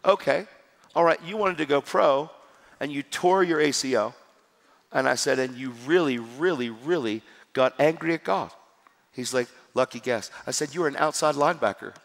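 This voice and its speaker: A man preaching a sermon, telling a story in a lively, joking way and acting out the dialogue. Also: a little high, normal speed, creaky, in a large hall. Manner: animated, jokey, acts out dialogue.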